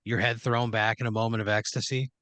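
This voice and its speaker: A man's voice: medium pitch, level tone, fast, a bit bright, no echo. Male podcast host, ad-libbing a crude story, rambling, dry close mic. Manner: rambling, profane, second-person narration with restarts. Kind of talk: improvised comedic storytelling.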